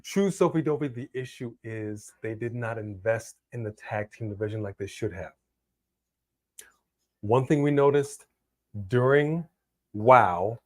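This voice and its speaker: A man co-hosting a wrestling watch-along in casual live commentary, excitable and breaking into loud exclamations. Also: medium pitch.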